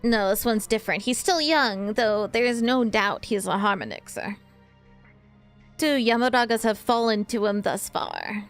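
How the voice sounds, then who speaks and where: A woman's voice: mid-range voice, big pitch swings, moderate pace, faint music behind. A woman reading the part of a scheming male sorcerer master in a game, haughty and commanding.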